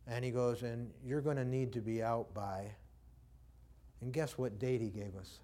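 Mid-range, steady and a little slow, with a dark tone, a preacher relates a personal story during a sermon. He keeps things conversational while acting out the words of those he quotes.

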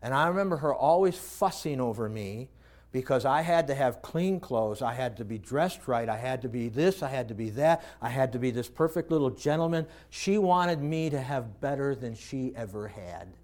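A man preaching a sermon, telling stories in a folksy way and moving between quiet reflection and loud, animated points. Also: medium pitch, normal speed. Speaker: pastor.

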